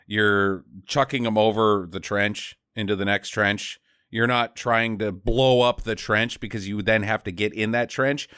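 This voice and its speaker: A man co-hosting a casual podcast, animated and laughing, explaining things at length. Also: lowish voice, measured pace, few pauses, clean tone, no room sound, clean studio sound. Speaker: podcast co-host. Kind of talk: casual movie-riffing chat.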